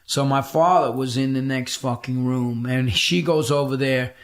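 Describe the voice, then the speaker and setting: A man's voice: medium pitch, steady tone, normal speed. A middle-aged man, a podcast guest, telling a personal story in a casual interview, blunt, profane and emphatic.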